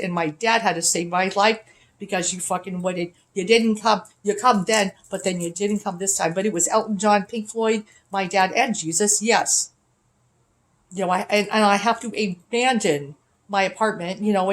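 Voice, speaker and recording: A woman vlogger in an unscripted rant to camera from a hotel room, rambling, profane and accusatory. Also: medium pitch.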